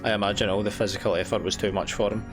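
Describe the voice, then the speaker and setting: A man voicing an exhausted, once-tormented game character, reading earnestly in a low voice. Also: level tone, very fast, over music, close to an everyday voice. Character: exhausted freed prisoner, tormented and hopeful.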